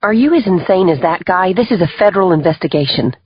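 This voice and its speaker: A man voicing a sharp, furious female federal agent. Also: sits high, expressive, quick pace, husky, muffled recording, voice pushed up. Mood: indignant. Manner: sharp, exasperated. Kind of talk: audiobook character voice.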